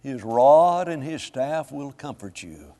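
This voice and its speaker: A man preaching a sermon to a congregation, swinging between hushed lines and loud, drawn-out emphasis. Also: medium pitch, lively intonation. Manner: dramatic swings from soft to loud, slow emphatic phrasing. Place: church sanctuary. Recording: long hall reverb.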